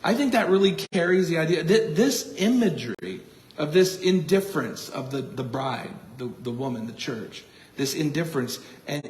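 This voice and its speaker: A male pastor preaches in earnest, stumbling over and repeating words as he thinks aloud. His voice sits a little high for a man and rings through a roomy, echoing church. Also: a little hiss or hum. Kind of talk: expository sermon. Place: church sanctuary. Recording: echoey church room.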